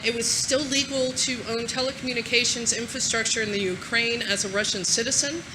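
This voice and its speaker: Brief: a high-voiced woman, a lively and salty conference speaker, live in a hall with audible noise. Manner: energetic, casual, swears freely. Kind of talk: conference talk.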